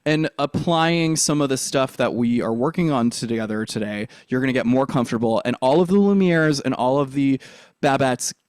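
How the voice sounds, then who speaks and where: Upbeat drama coach, dry close sound. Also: male voice, medium pitch, a little mellow, no echo. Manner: upbeat, encouraging, demonstrates lines. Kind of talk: accent coaching lesson.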